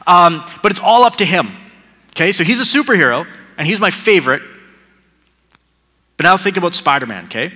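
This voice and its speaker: A man's voice: high voice, very animated, a little fast, long pauses, bright, forceful tone. A man giving a sermon as pastor. He builds points through repetition and slips into casual, joking asides. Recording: long hall reverb.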